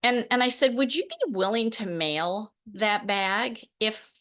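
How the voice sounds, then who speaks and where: A woman in her forties hosting a podcast, telling stories with lively laughs and acted quotes. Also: medium pitch, measured pace. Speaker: podcast host, program founder. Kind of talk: solo podcast talk.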